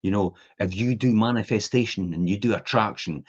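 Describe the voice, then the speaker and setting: A man's voice: on the low side, fairly quick, husky. A man, hosting a podcast and chatting casually, acting out the voices in his anecdotes. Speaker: podcast host. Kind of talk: casual chat. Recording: dull lo-fi podcast audio.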